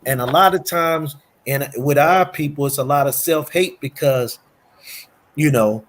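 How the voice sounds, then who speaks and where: A man's voice: on the high side, unhurried, a bit bright. A middle-aged man talking earnestly in a casual discussion, often adding "man" and "you know". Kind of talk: casual talk show discussion.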